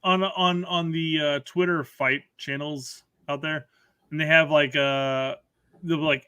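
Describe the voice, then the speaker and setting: Bright-voiced, wisecracking man. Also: a little high, steady tone, unhurried, clear, resonant tone, no room sound, studio quality. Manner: teasing, wisecracking. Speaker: podcast co-host. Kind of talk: casual chat.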